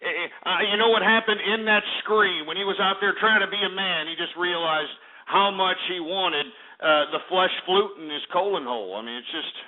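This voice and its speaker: Profane, bombastic radio host. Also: male voice, sits high, moderate pace. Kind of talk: ranting call-in radio talk. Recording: tinny phone-line radio sound.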